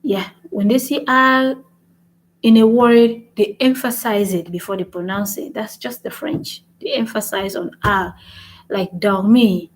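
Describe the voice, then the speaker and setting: On her language-learning channel, a woman leads a casual lesson vlog in a mix of French and English, often repeating points with "right?". She speaks in a steady, mid-range voice at a measured pace. The recording sounds rough.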